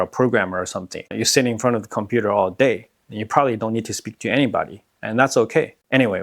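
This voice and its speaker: A man's voice: mid-range voice, creaky, dry recording, clean studio sound. A man hosting and explaining to camera in a casual way, peppering his talk with "like" and "right". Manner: casual, many fillers like "like" and "right". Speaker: host and language teacher.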